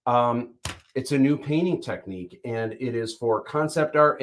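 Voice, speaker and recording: A man's voice: mid-range voice, a little slow, a little hiss or hum. A man hosting a casual livestream, announcing upcoming plans in an upbeat way with many ums. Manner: upbeat announcer-like, hesitant with fillers. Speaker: host.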